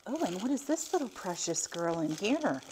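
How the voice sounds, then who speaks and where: A woman's voice: mid-range voice, very animated, moderate pace, noisy background. A middle-aged woman chatting casually as she unboxes vintage finds, gushing and exclaiming often.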